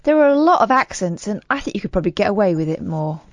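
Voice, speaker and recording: A woman sits beside the host on late-night radio and answers his jokes with dry amusement. Her pitch moves in a lively way. The studio sound is close and dry. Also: fast talker, no echo. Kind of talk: casual radio banter.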